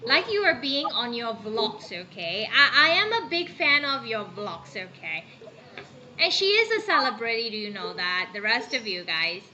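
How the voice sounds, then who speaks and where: A woman's voice: on the high side, very animated, moderate pace, sharp tone. A Burmese-accented woman teaching an online English class, coaxing and encouraging her students over a video call. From Myanmar. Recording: muffled call audio with background noise.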